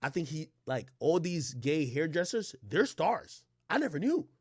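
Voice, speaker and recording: Male streamer, high bright voice, swings wild, dry close sound, profane storyteller. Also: a little slow, husky, dry recording. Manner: profane, animated, shouts at peaks. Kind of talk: casual storytelling rant.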